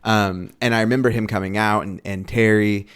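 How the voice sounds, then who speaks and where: A man with a lowish voice tells stories on a podcast he co-hosts. He talks in a loose, animated way, full of fillers and restarts as he builds each anecdote. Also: moderate pace, clean tone. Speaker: podcast co-host. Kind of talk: casual conversation, storytelling.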